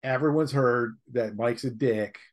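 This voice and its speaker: A man's voice: mid-range voice, unhurried. A man who is an author, telling a blunt, joking story in an interview and acting out the people in it. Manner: lively, joking, acts out quoted people; blunt, slangy.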